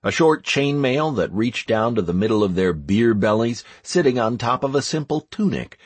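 A man narrating a fantasy audiobook in the first person, telling it in a wry, expressive way. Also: medium pitch, moderate pace, breathy edge, dry recording.

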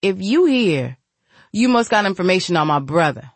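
A woman's voice: fairly low pitch, lively intonation, moderate pace, no echo. A woman voicing a drunken, hostile man who slurs and threatens, in an audiobook. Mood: menacing. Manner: slurred, menacing.

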